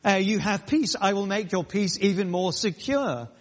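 Emphatic preacher in a reverberant hall. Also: male voice, high-pitched, animated. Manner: emphatic, repetitive, pausing phrases. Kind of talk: sermon.

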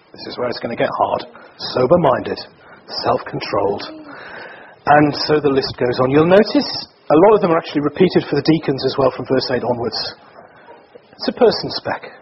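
A high-voiced man preaching to a church gathering, chatty and joking as he tosses questions to the room. The recording is muffled and lo-fi, with a faint hiss underneath. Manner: conversational and joking, quizzing the congregation. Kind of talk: sermon.

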